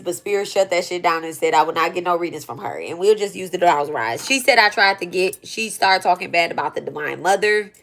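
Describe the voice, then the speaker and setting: Blunt, profane female creator with a lowish voice, rambling through a personal story. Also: fairly quick, hardly any pauses, a bit bright. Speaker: spiritual content creator. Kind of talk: casual storytelling rant.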